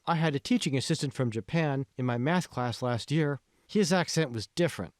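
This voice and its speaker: A man's voice: mid-range voice, fairly quick, no echo, clean studio sound, pitched above the performer's own voice, lightly acted. A man doing a wary, blunt young woman. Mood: suspicious. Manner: terse, skeptical.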